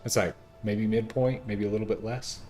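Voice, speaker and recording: A man streaming a video game, chatting casually and joking as he thinks out loud. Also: lowish voice, steady tone, moderate pace, faint music behind. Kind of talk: casual gameplay commentary.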